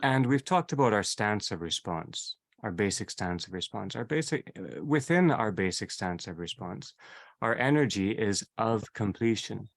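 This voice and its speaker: Male seminar leader, slightly low pitch, measured reflective delivery, circles back on his own phrases. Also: animated, gravelly. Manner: repeats and rephrases, unhurried. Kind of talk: reflective theology lecture.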